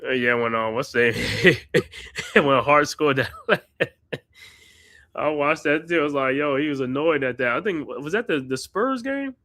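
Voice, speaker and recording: A man's voice: a little high, expressive, a little slow, bright, forceful tone, no echo, clean studio sound. A man hosting a live watch-party podcast, doing casual play-by-play with slangy chat and laughs. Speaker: podcast host calling the game.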